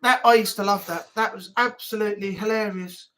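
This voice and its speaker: A woman's voice: medium pitch, fairly even intonation, brisk, a bit bright, rough recording. Chatty woman hosting a live stream. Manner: rambling, lots of fillers and asides. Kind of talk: casual chat.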